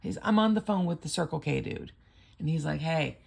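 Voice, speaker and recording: An older woman talks through a casual vlog in a low, gravelly voice with a husky edge. She rambles along like a chatty storyteller. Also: brisk, darkish tone. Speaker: lottery ticket vlogger.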